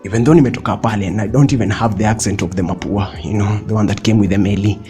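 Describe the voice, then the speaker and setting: A man's voice: on the low side, steady tone, fast talker, warm tone, soft background music. A young man giving chatty, playful motivational advice in a casual vlog, laughing often and dropping in slang. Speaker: vlogger.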